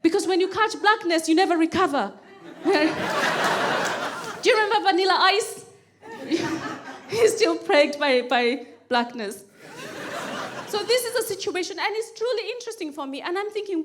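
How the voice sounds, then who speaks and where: A woman comedian on a stage mic, with a high, bright voice. She tells her stories with animated energy and repeats phrases for comic build-up. Her quoted pleas are acted out. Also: moderate pace, pauses often, background noise. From Kenya. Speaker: stand-up comedian. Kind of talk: stand-up storytelling.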